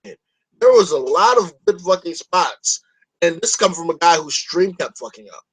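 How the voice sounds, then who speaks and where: A high-pitched male podcast host in a loose, casual chat. He rambles through his opinions with plenty of swearing, restarting sentences as he goes. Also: expressive, normal speed, slightly rough, rough recording.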